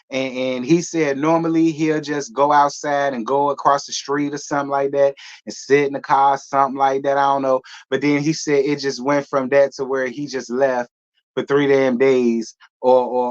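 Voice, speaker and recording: A man's voice: mid-range voice, little pitch movement, normal speed, highs cut off. A man hosting a casual reaction commentary, talking bluntly and rambling, with slang and swearing. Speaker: commentary host.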